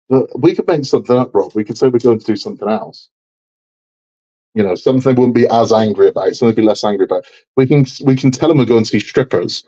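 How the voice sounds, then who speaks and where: A man's voice: medium pitch, mellow, muffled recording. A man hosting a live model build stream, chatting casually and joking with frequent laughter. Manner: joking, rambling, laughs often.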